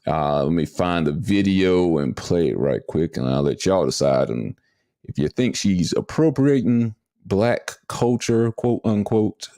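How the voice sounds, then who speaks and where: Male podcast host, very deep, gravelly, drawling. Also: expressive, measured pace, dark tone, dry recording, studio quality. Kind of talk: casual chat.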